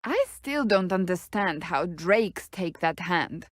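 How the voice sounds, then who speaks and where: A woman's voice: fairly low pitch, animated, takes it slowly, dry recording, studio quality. An actress playing a stern, blunt female warrior in curt, formal video game companion dialogue. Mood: questioning.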